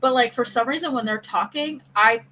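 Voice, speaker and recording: Bright-voiced chatty woman podcast host. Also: on the high side, fairly quick, slight background noise, low-quality recording. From American South. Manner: chatty, animated storytelling with voice play. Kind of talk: casual chat.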